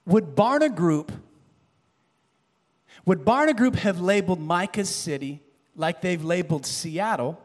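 A man preaching a sermon, animated, building to shouted emphasis and dropping low again. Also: long reverb tail.

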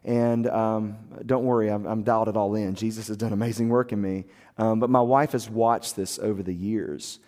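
A soft-spoken man preaching a sermon as a pastor, telling his story in an earnest, confessional way. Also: lowish voice, fairly even intonation, moderate pace, few pauses. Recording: long hall reverb.

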